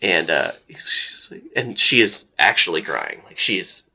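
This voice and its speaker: A man's voice: low voice, sing-song, normal speed, vocal fry, bright, forceful tone. A man narrating as game master of a tabletop game, describing scenes in a loose, filler-heavy way.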